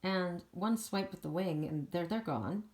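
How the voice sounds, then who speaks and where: A woman's voice: fairly low pitch, a little slow, a little mellow, lightly acted. A woman speaking as a fearless female warrior on a dragon, scoffing at her attackers and holding firm. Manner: defiant, scoffing, self-assured.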